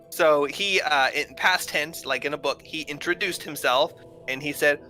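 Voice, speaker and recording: A man's voice: fairly high pitch, unhurried, pushed and bright, faint music behind. A man narrating a tabletop role-playing game as game master, rambling with many fillers. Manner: rambling, filler-heavy, laughs often.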